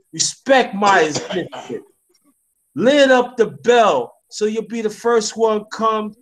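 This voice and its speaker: A man with a high voice hosting a casual livestream. He sounds hyped and talks himself up as he runs the stream. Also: a bit bright. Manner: hyped, self-promoting. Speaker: livestream host.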